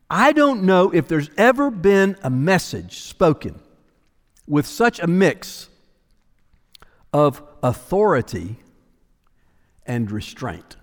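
A man's voice: on the high side, sing-song, slow, pauses often, big-room sound. A man preaching an expository sermon as pastor, dramatic and emphatic, sometimes dropping to a near-whisper for weight.

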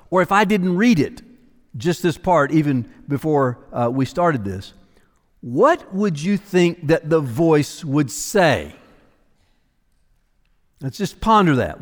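Lively-voiced man preaching in a reverberant hall. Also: on the high side, takes it slowly, long pauses. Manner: dramatic preaching, dropping to near-whispers for emphasis. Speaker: pastor. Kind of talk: expository sermon.

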